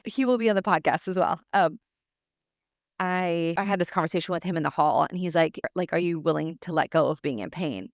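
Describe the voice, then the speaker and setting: A woman's voice: lowish voice, no room sound, studio quality. A woman hosting her own podcast, earnestly telling a personal story with many fillers and restarts. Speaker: podcast host.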